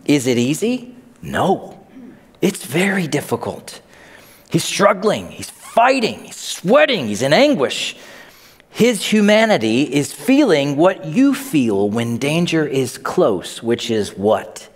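A middle-aged man preaching a sermon as a pastor, telling stories in an animated way and acting out the voices he quotes. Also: on the high side, slow pace, husky. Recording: long hall reverb.

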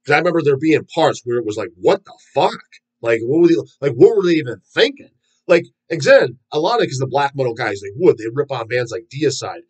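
A man's voice: medium pitch, lively intonation, fast talker, a little mellow, husky, rough recording. A man casually ranting and telling rambling, profane stories, full of fillers and restarts. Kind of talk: casual rant about metal.

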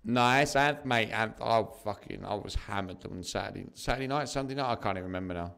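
A man's voice: on the low side, a little fast, gravelly, fairly bright tone. A young English man from southeast England, chatting casually with viewers on a slots live stream and calling them mate and bro.

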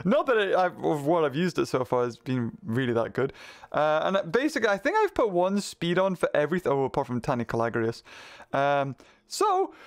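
A man with a high, bouncy voice that leaps all over the place chats excitedly through his gameplay, laughing often. He talks from his home desk into a microphone run through a mixer. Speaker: gaming video creator. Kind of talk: casual let's-play commentary.

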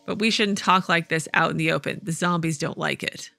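A woman's voice: low voice, steady tone, brisk, creaky, pushed and bright, dry recording, pitched below the performer's own voice, heavily acted. A woman reading the lines of a crude, scheming thug in robes in a video game.

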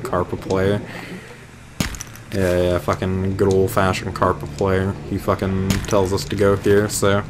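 A young man talks over his gameplay in a lowish voice, cursing and joking as he rambles. His delivery is casual and loose. A faint hiss sits under the recording. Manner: profane, rambling, jokey. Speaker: gaming video host. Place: indoors at home, late at night.

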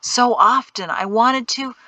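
A woman voicing a wry, soft-spoken man in black from an audiobook, quiet and hushed at times, bright tone, dry close sound. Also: on the high side, slow, dry recording, voice pushed up. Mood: earnest.

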